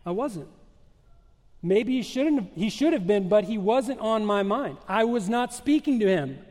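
A male pastor preaching a sermon with emphatic, measured delivery, rhetorical questions and dramatic pauses. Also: high-pitched, expressive, a little mellow, long reverb tail.

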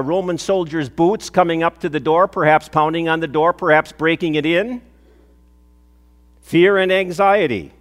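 An older man preaching in a church, his voice a touch higher than most men's. He tells stories earnestly, swelling with emphasis and then falling quiet on key phrases. A long reverb trails each line through the hall. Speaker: pastor. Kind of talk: sermon.

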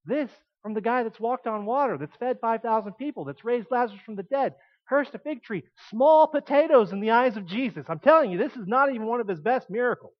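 A man preaching a sermon in an animated way, shifting between quiet explanation and emphatic points. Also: very high voice, fairly quick, highs cut off.

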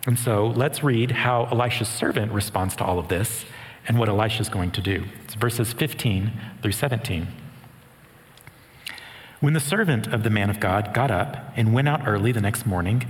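A man giving a sermon, reading scripture aloud and explaining it with earnest warmth and touches of dry humor. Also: on the low side, normal speed. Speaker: preacher. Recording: long hall reverb.

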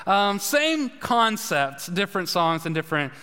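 A man's voice: sits high, big pitch swings, a little slow, bright, forceful tone, smooth. A man preaching a sermon in a casual, conversational way, often asking the congregation questions. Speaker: pastor. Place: church sanctuary. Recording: long hall reverb.

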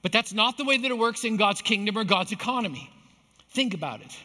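A male pastor delivers a sermon, his voice bright and a little higher than most men's. He tells everyday stories and climbs to emphatic, repeated points. The sound trails off in the long reverb of a church hall. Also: animated, a little fast. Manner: storytelling with rising emphatic peaks.

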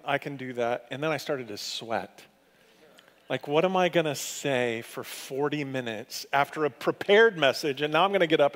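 A man preaching a sermon as pastor, telling stories in a conversational way with lively swings of pitch and loudness. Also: big-room sound.

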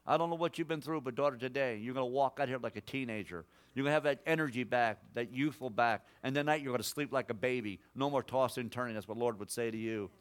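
Male guest preacher, prophetic sermon, mid-pitched voice, surges loud then drops to a hush, calls folks son and daughter. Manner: emphatic, swings between loud exhortation and hushed personal words; addresses listeners directly as son, daughter, brother.

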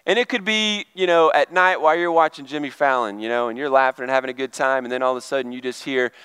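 A man's voice: medium pitch, quick pace, pushed and bright, smooth, no room sound. A middle-aged male pastor giving a chatty, conversational sermon and asking the congregation questions. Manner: chatty, asks the crowd questions.

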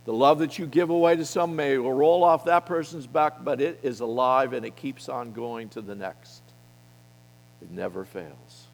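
A middle-aged man preaching a sermon to a men's gathering, speaking boldly and emphatically, with his loudness rising and falling widely. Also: medium pitch, normal speed, vocal fry, hardly any pauses. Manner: bold, emphatic preaching with wide swings in loudness. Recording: long reverb of a hall.

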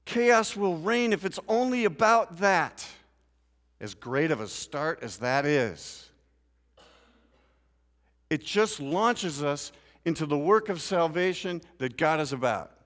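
A man preaching a sermon in a church, moving from quiet scripture reading to loud, rising emphasis. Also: a little high, animated, slow pace. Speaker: pastor. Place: church sanctuary. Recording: long church reverb.

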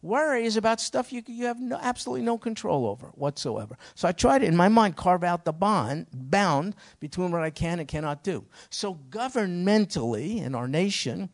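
A man's voice: high-pitched, very animated, normal speed, few pauses. A middle-aged man preaching a sermon as pastor, emphatic, with sudden rising outbursts.

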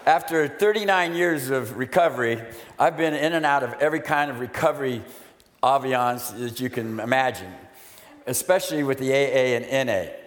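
A middle-aged man speaking as a recovery pastor, excited and emotional. He tells his story with energy and pitch in the middle range. His voice rings with the long reverb of a church hall. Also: normal speed. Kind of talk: church testimony talk.

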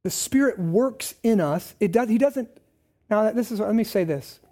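Mellow-voiced man preaching conversationally. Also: expressive, normal speed. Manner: conversational preaching, swinging from raised emphatic lines to low asides. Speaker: pastor. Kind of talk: sermon.

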